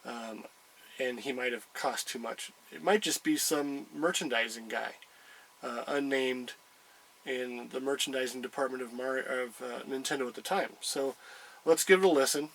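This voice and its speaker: A man's voice: medium pitch, normal speed, a bit bright, slight background noise, low-quality recording. A man casually showing a collectible item, rambling with many hesitations. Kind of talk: casual chat.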